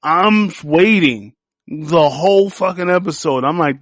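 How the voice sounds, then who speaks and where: Man podcast host, higher voice, casual profane series recap, dry close sound. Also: a little slow, no echo. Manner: animated, profane storytelling that acts out quotes. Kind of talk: casual solo TV series review.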